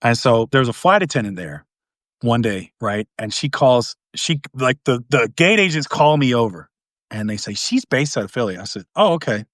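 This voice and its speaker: A man's voice: medium pitch, normal speed, no echo, clean studio sound. A middle-aged man from East Tennessee, chatting casually as a podcast host and telling stories, acting out the voices of the people in them. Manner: animated storyteller, acts out quoted voices. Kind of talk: casual storytelling chat.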